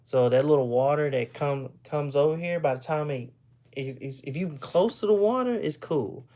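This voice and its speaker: This Texas man's voice is on the high side, animated and mellow, at normal speed, as he chats casually on a live stream. He rambles loosely, repeating words and laughing frequently.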